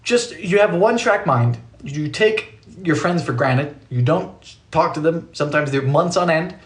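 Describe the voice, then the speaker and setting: Chatty male baking streamer in a small home kitchen, fairly high voice, lots of swing in the pitch, jokey, thanks viewers by name. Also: lively intonation, normal speed. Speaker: baking livestream host. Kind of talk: casual live-stream chat while baking.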